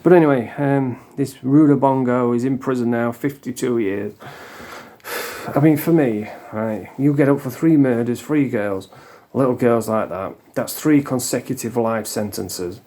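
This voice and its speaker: Heated man, dark low-key tone, blunt casual rant with swearing. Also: measured pace. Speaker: vlogger. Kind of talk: casual ranting monologue.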